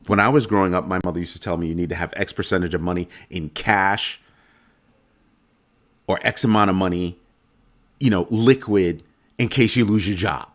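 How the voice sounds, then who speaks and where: Deep-voiced, sarcastic middle-aged man ranting. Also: normal speed, pauses often. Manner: sarcastic, heated, emphatic. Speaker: finance channel host. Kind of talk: ranting monologue.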